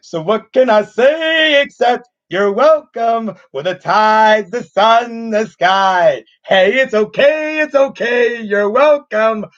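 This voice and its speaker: A man's voice: extremely high pitch, slow pace, hardly any pauses, a bit bright, voice pushed up, exaggerated voice. A man voicing a cocky, boastful male demigod with swaggering, singsong bragging, on a slightly muffled lo-fi recording. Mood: smug.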